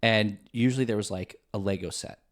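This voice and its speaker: A man's voice: lowish voice, a little fast. A young man from the Midwest US, co-hosting a podcast in easygoing casual chat with many fillers. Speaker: podcast co-host.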